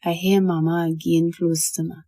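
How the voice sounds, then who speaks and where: A woman reading a horror story aloud as a child narrator, slow and hushed. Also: lowish voice, level tone, dry recording.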